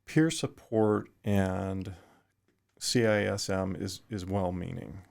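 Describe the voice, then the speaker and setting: A middle-aged man, a retired firefighter, talking thoughtfully in a podcast interview, pausing and restarting often. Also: low-pitched, steady tone, vocal fry, darkish tone. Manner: thoughtful, halting with frequent restarts.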